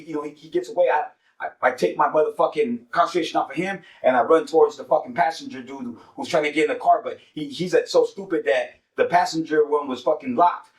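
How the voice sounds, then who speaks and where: A man's voice: fairly high pitch, roomy sound, distant mic, poor audio. A man casually telling a street story as host, cursing freely and dropping streetwise slang. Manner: profane, streetwise slang, repeats "money" as a filler.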